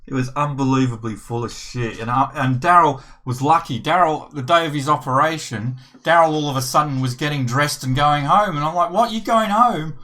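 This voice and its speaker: A man's voice: fairly high pitch, brisk, hardly any pauses, bright, forceful tone. An older British man chatting casually on a gaming livestream, rambling and swearing freely as he tells a story. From United Kingdom. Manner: rambling and profane, with frequent swearing and restarts. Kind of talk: casual chat.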